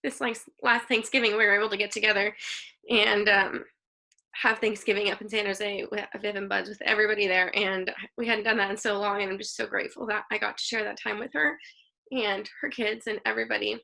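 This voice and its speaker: A woman speaking over a video call, her voice gravelly and bright. She is emotional and laughs through tears as she talks at a memorial. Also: medium pitch, fairly even intonation, brisk. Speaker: cousin sharing a memory.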